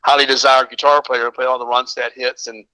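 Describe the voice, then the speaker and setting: A man's voice: medium pitch, flat delivery, a little fast, bright, forceful tone, no echo, rough recording. An older man from the American South, a drummer guest telling rambling, enthusiastic stories in casual chat. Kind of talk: casual phone-in storytelling.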